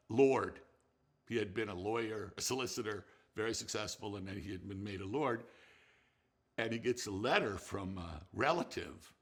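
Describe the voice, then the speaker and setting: An older man, a film director, telling anecdotes in an animated, laughing way with many restarts. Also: medium pitch, gravelly. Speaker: film director recalling a colleague. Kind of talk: anecdotal storytelling.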